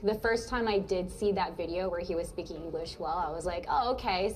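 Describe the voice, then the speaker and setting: A woman giving relaxed, conversational commentary in a played video. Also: on the low side, fairly quick, soft background music. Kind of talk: casual commentary.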